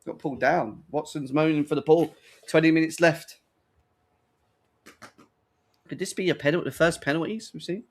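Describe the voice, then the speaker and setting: A man hosting a live football watch-along, commentating play by play, excitable and quick to swear. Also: fairly high pitch. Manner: excitable, laughs a lot, swears.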